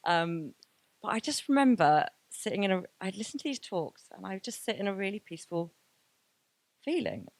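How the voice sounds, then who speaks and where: A woman's voice: medium pitch, big pitch swings, normal speed, pauses often, dry recording. A woman, giving a candid and emotional personal testimony at a graduation event. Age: 30s. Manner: candid, emotional, many fillers. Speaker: graduation speaker.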